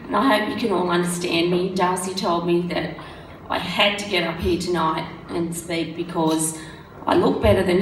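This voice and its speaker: A woman with a hoarse, croaky voice reads a written tribute in a steady, measured way. Her voice sits slightly low. She is heard from far off in a roomy hall, with faint ambience behind. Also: slight background noise. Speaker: speaker reading tributes. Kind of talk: reading a prepared tribute. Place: function room. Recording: roomy sound from a distant mic.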